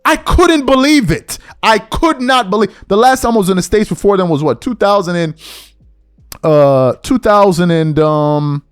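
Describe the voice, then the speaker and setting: A man hosting a podcast, delivering an opinion rant and mocking others in high, whiny put-on voices. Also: lively intonation, normal speed, smooth, faint music behind. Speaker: podcast host.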